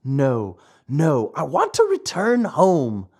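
A storybook narrator voicing an eager, dreamy wooden marionette boy whose talk keeps rising into excited high cries. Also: takes it slowly, heavily acted.

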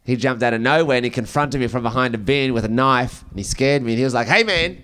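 A man performing a stand-up comedy set on stage, telling deadpan one-liners and chuckling at his own jokes. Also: medium pitch, fast talker, smooth. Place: comedy stage before a live audience.

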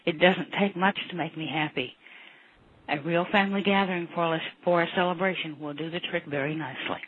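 A woman reading her own story aloud in a warm, reflective way. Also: lowish voice, steady tone, fairly quick. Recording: narrow phone-like sound with faint noise.

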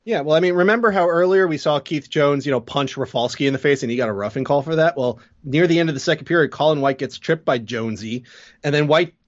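A man's voice: fairly high pitch, quick pace, dry recording, lo-fi sound. Joking man in a casual sports chat. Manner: joking, rambling, loose. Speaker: podcast co-host.

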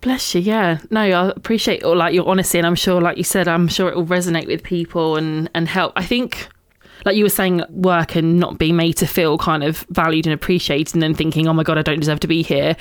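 A woman's voice: lowish voice, steady tone, fairly quick, no room sound, clean studio sound. A woman co-hosting a podcast in casual chat, reflective and chatty with frequent fillers. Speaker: podcast co-host.

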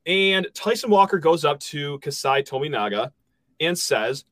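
A male podcast host in a casual sports chat, his voice sitting a bit high. He jokes and laughs easily and talks through highlights with animated energy. The sound is dry and close, with no room echo. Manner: joking, quick laughs, animated.

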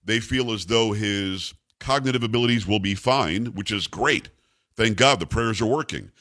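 A man's voice: lowish voice, normal speed, a bit bright. A man hosting a talk radio show, rambling and jokey, chatting casually with his co-host. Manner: rambling, jokey, self-congratulating.

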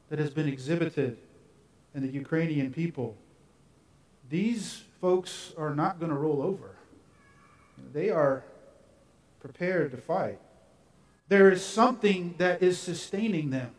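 A man preaching a sermon, first reading scripture and then telling stories in a measured way. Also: high voice, distant mic. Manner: measured reading that shifts into storytelling. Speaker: pastor. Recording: roomy sound, from away from the mic.

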